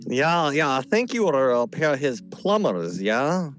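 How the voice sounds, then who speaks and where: A man playing a tabletop role-playing game, answering the game master in calm, in-character banter. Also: on the high side, a little slow, faint music behind. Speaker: player.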